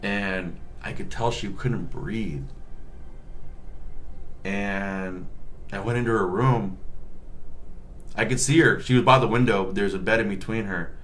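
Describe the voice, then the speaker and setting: A male nurse telling a work story in a casual, animated way, joking and swearing often. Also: lowish voice, slow pace, long pauses, a little hiss or hum.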